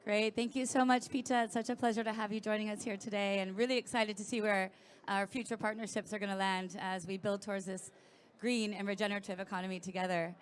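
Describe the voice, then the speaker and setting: Fast, upbeat woman moderator. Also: mid-range voice, steady tone, a little hiss or hum. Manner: upbeat, gracious hand-offs. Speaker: panel moderator. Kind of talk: online panel moderation.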